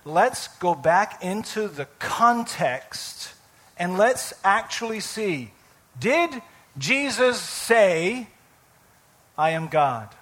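A man preaching a sermon as pastor, animated, with sudden loud emphasis and soft asides. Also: sits high, drawn-out words.

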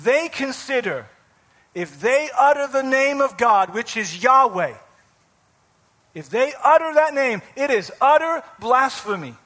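A man preaching a sermon as pastor, animated, with sudden loud emphasis and soft asides. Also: very high-pitched, unhurried.

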